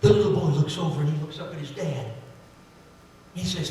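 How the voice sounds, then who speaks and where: A man's voice: fairly high pitch, fairly quick, a little mellow. A man telling jokes in a folksy, chatty stand-up routine. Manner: folksy, chatty joke delivery. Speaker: stand-up comedian. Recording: echoey hall recorded from far off.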